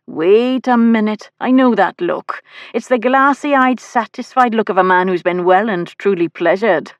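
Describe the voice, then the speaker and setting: A woman's voice: mid-range voice, measured pace, no room sound, highs cut off, voice pushed up, lightly acted. A woman voicing a brash, teasing young nobleman in an audiobook, mocking and boastful. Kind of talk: audiobook character voice.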